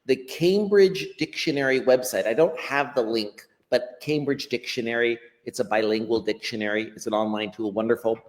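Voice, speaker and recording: An American man, a language educator, explaining pronunciation in an interview in a lively teacherly way. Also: mid-range voice, moderate pace, hardly any pauses, big-room sound. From United States. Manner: animated teacherly explaining, acts out quotes. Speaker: ESL educator, guest.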